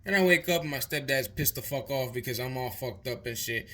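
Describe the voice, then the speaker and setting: A man's voice: medium pitch, fairly quick, fairly bright tone. A young man vlogger telling a long story in a casual, rambling way, full of swearing and repeated words. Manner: rambling, profane, repeats himself.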